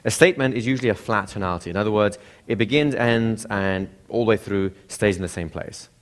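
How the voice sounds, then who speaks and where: A man's voice: on the low side, brisk. A man teaching a class, who keeps asking the room questions and acts out examples of speech intonation. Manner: asks the room frequent rhetorical questions. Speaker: instructor. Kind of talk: classroom lecture.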